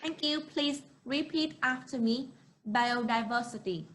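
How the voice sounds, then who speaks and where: High-voiced Vietnamese woman teaching English. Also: fairly bright tone, low-quality recording. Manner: clear, encouraging, repeats words slowly for students. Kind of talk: online class teaching.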